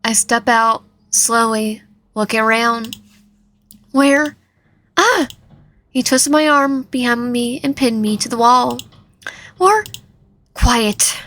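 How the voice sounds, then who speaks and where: A woman's voice: on the high side, slow pace, long pauses, fairly bright tone, slight background noise. A young woman hosting a gaming channel, reading a visual novel aloud dramatically with commentary, often stumbling and restarting words. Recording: faint game music behind.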